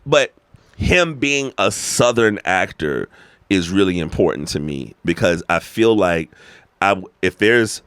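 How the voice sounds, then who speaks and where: Deep, lively American man talking. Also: measured pace, no echo. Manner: animated, emphatic storyteller who swears freely. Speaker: podcast guest. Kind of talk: casual conversation.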